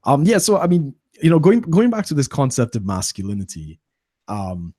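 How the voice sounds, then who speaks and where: A male host chatting in a friendly, animated way, his pitch rising and falling a lot. The sound is dry and close, with no room echo. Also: moderate pace. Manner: friendly, animated, frequent affirmations. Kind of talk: casual interview chat.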